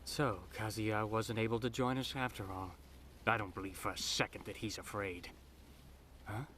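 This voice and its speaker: An actor playing a smug, scheming rich young man who speaks in a sneering, mock-polite way, in a dubbed animated film. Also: lowish voice, moderate pace, background noise, natural voice.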